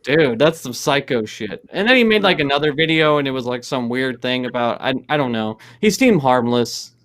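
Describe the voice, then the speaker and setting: A man's voice: medium pitch, expressive, moderate pace, a bit bright. A man with a middling voice hosts a casual online round table. He stumbles and restarts often and swears in an offhand way. His audio comes through a video call microphone. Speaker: stream host. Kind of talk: casual livestream panel chat.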